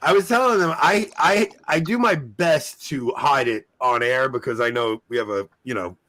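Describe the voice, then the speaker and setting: Host: man with a Long Island accent, loose and chatty, mid pitch. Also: normal speed, fairly bright tone. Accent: Long Island New York. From Long Island, New York. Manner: laughing easily, loose and chatty. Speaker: quiz host. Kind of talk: casual trivia show chat.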